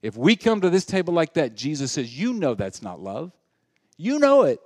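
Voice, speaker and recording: A male pastor preaching a sermon, moving between loud, animated passages and hushed, intimate ones. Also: fairly high pitch, fairly quick, no room sound, clean studio sound.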